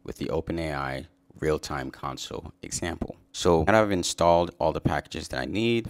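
Brief: deep, gravelly-voiced man, easygoing and upbeat, talking through a coding demo. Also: normal speed, few pauses. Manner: relaxed, upbeat, says "sweet" and "awesome". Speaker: software developer giving a coding tutorial. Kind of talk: casual screen-share walkthrough.

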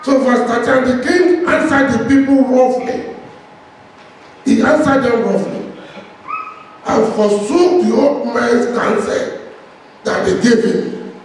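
A man preaching a sermon as pastor, speaking with passion and long pauses between phrases. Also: extremely high pitch, darkish tone, far from the mic, slight background noise. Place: church hall. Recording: echoey hall, heard from afar.

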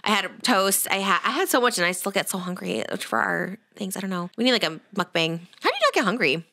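A woman's voice: mid-range voice, lively intonation, fast, gravelly, bright, forceful tone. A woman in her thirties hosting a podcast, chatting in a rambling way and laughing often. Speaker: podcast host. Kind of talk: casual chat.

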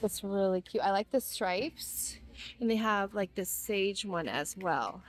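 A woman's voice: mid-range voice, measured pace, faint music behind. A young woman filming a store walk-through for her vlog, gushing and gasping with delight at what she finds. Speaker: vlogger. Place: inside a large retail store.

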